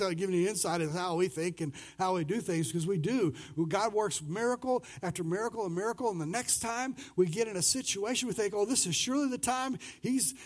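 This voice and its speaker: Male pastor with a high voice, preaching casually and acting out quotes. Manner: swings between loud and soft. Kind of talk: sermon.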